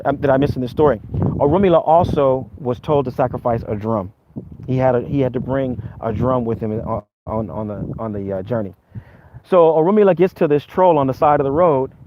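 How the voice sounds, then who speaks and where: A man with a slightly raised pitch retells a spiritual tale as a lesson, animated and improvised, stumbling over repeated words. The audio is dull and lo-fi with a faint hiss underneath. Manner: animated storyteller, vocalizes sounds, repeats words. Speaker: Ifa teacher. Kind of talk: storytelling lesson.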